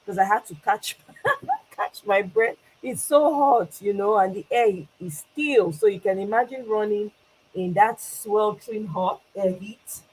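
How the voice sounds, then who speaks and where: A woman's voice: mid-range voice, unhurried, slightly rough, rough recording. A Nigerian woman hosting a casual livestream, greeting viewers by name and switching between English and Pidgin with frequent laughs. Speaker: livestream host.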